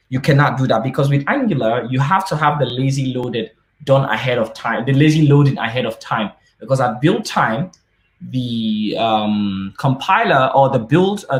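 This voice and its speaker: A man gives a live-coding talk at a conference in a loose, conversational way, trailing into fillers and correcting himself mid-sentence. His pitch sits in an ordinary middle range. The room around him adds a noticeable echo. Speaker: conference speaker. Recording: roomy echo.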